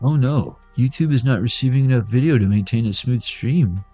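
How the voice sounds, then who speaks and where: A man's voice: medium pitch, brisk, mellow, faint music behind. A man giving a casual, joking tarot reading on a livestream. He rambles and swears freely. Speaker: tarot reader.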